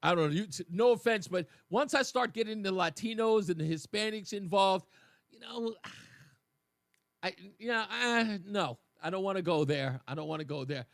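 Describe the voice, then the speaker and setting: A man hosting a talk radio show, giving animated commentary and acting out the voices of the people he quotes. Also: sits high, normal speed, creaky, dry recording, studio quality.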